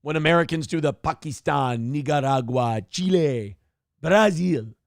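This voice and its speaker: Gravelly, sarcastic male talk-show host. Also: fairly high pitch, a little slow, dry recording, studio quality. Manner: sarcastic, profane ranting. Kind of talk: casual commentary show.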